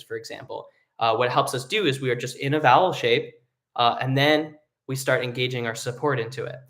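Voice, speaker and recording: A man's voice: mid-range voice, fairly bright tone. A young adult man teaching a live online singing lesson, explaining casually with lots of fillers and sung vocal demonstrations.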